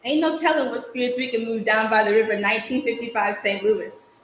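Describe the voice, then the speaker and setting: A young female stage actor, her pitch fairly high and her tone steady, moves briskly through a lightly acted theatrical monologue. She plays a spirited girl recounting her childhood in vivid, rhythmic fashion, and slight background noise comes through the echoey live stage recording.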